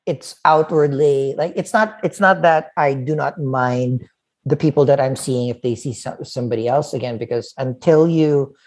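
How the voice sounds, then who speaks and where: Very deep-voiced woman musing. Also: moderate pace, darkish tone. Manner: musing, trailing thoughts, playful interjections. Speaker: podcast co-host. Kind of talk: casual chat.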